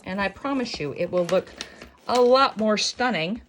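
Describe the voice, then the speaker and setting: A woman's voice: mid-range voice, animated, normal speed, background noise. A woman hosting a casual sewing tutorial, rambling and joking at her own expense as she works. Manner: rambling, self-mocking, jokey asides. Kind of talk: casual chatty craft tutorial.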